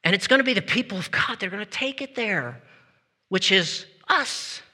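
A man preaching a sermon as pastor, talking in a lively, conversational way and leading his congregation in call-and-response. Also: high-pitched, normal speed. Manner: lively, conversational, laughs between points. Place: church sanctuary with congregation. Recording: long hall reverb.

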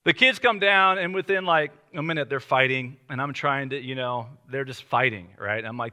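Bright-voiced male pastor, chatty sermon. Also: medium pitch, fairly quick, few pauses, clean tone. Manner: conversational storytelling with light laughter.

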